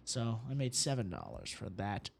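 A man's voice: fairly low pitch, wildly swooping pitch, normal speed, vocal fry. A man guest on a podcast, telling loose, rambling anecdotes in casual chat and acting out bits of dialogue. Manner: rambling anecdotes with acted-out quotes. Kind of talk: casual storytelling.

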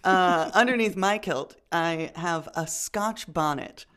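A woman from the United States co-hosting a podcast in casual chat, playful and quick to laugh. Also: lowish voice, fairly bright tone, clean tone. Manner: playful, giggly, jokey. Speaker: podcast co-host.

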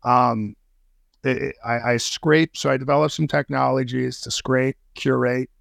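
A man's voice: mid-range voice, steady tone, a little slow, creaky, a bit bright, dry recording. A man as a podcast guest in casual interview chat, slangy and profane, with many fillers and restarts. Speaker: podcast guest, intelligence analyst.

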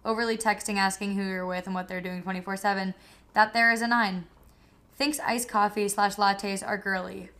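A young woman hosting a casual solo podcast, handing out quick, wry, deadpan verdicts. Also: medium pitch. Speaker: podcast host. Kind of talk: casual solo podcast, rating listener submissions.

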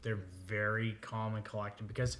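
A man's voice: fairly low pitch, monotone, normal speed, a bit bright, slight background noise. Dry, quippy man on a podcast. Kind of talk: casual podcast chat.

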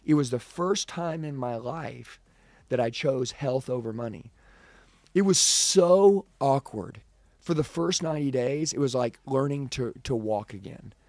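A man's voice: mid-range voice, moderate pace, darkish tone, no room sound. Intense preachy man in his forties. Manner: intense, preachy, emphatic storytelling. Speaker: sales trainer. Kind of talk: motivational talk.

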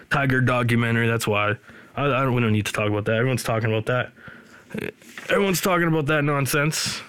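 A man's voice: medium pitch, fairly bright tone. A man in his thirties or older hosting a podcast, rambling casually with sarcastic, joking asides. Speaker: podcast host. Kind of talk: casual chat.

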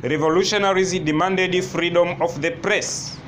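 Man, teacher dictating notes, very slow, repeats phrases, fairly high voice, noisy classroom. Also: lively intonation. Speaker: history teacher.

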